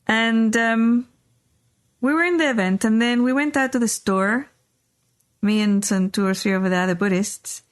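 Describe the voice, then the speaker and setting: This middle-aged woman, hosting a podcast, speaks at a normal speed in a voice on the high side. Her personal story comes out loose and rambling, with many fillers and false starts.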